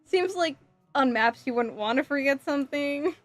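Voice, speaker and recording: A woman with a slightly high voice chats on a casual live stream as she builds a model kit. She is sassy and playful and giggles easily as she answers her chat. Soft music plays faintly underneath. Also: animated, normal speed.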